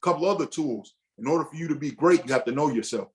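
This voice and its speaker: A man's voice: fairly high pitch, fast talker, darkish tone. A man leading a casual teaching session for a men's group, talking loosely with restarts and acting out what a husband might say to himself. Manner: conversational, loose, with frequent restarts and acted-out inner dialogue.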